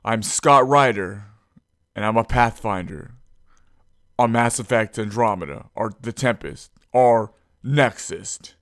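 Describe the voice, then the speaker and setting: A man's voice: lowish voice, takes it slowly, a bit bright, no room sound, studio quality, pitched below the performer's own voice. A man imitating a chill, cool space hero.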